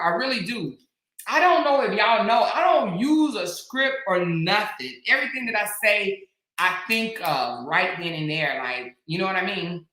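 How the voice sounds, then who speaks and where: A woman hosting a casual livestream chat, reading viewer comments and laughing often. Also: mid-range voice. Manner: animated, laughs often, drawling exclamations. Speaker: talk show host. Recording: echoey room.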